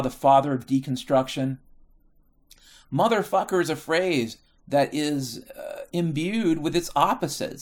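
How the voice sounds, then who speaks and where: A middle-aged American man telling stories in a casual monologue, profane and rambling, often correcting himself. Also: on the high side. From United States.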